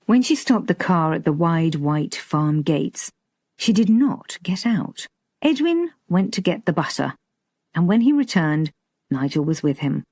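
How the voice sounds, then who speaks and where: Lively woman audiobook narrator. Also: deep voice, unhurried, no echo, clean studio sound. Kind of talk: scripted narration.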